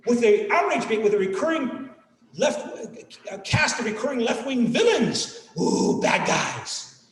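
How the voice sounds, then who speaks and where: A man in his sixties giving a lecture over a video class, animated and asking the students rhetorical questions. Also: extremely high pitch, moderate pace. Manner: animated, mock-outraged asides, rhetorical questions. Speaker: teacher. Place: home room on a video class. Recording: echoey distant video-call audio.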